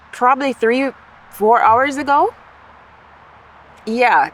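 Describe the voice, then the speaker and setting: A woman's voice: medium pitch, a little hiss or hum, low-quality recording. A woman vlogger in a casual monologue, candid and reflective, talking through her feelings aloud with the odd swear word. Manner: occasional swearing.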